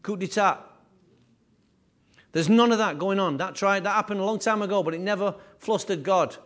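A man preaching a sermon with emphatic, repetitive phrasing, his voice rising and falling in loudness. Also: high voice, moderate pace. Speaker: pastor.

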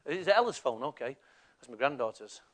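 An older pastor with a Mancunian accent delivers a lively sermon in church, asking questions of the congregation. His voice is mid-range and his pace brisk.

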